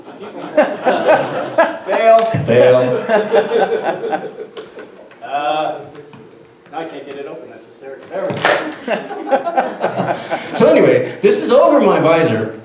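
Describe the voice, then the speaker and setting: Laughing frequently, this fifty-something storyteller acts out a comic tall tale in a high voice, speaking extremely slowly with long pauses. The skit was captured at a distance in an echoey room, with some faint noise.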